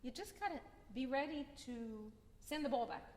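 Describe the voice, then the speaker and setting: A woman's voice: high-pitched, expressive, moderate pace, a little mellow, a little hiss or hum. A woman teaching a piano masterclass, encouraging and singing phrases to demonstrate. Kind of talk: masterclass coaching. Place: concert hall with piano. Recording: echoey hall with piano playing.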